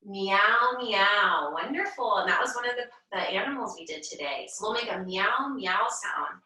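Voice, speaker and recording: A woman leading a children's yoga class, talking slowly and gently and encouraging the kids with chants and animal sounds. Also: medium pitch, animated. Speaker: kids' yoga teacher. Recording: echoey room, mic far off.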